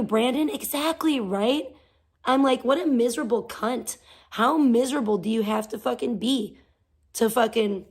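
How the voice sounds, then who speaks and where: Gravelly-voiced woman ranting on a livestream. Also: fairly high pitch. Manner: profane, ranting, sarcastic. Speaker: livestream host. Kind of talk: casual venting livestream.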